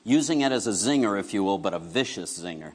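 This middle-aged preacher speaks fast in a lowish voice, his sermon echoing through a large hall. He keeps it conversational, bringing his stories to life by acting out what people said.

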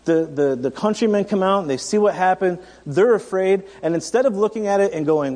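A man's voice: sits high, brisk, few pauses, a little mellow, long reverb tail. A man in his thirties preaching a sermon in a conversational, storytelling way, often restarting his sentences. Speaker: pastor.

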